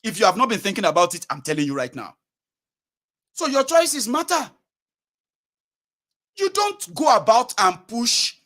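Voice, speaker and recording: A man with a Nigerian accent giving casual political commentary, acting out prayers and slipping into Pidgin. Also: high voice. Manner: animated, acts out mocking prayers in Nigerian Pidgin.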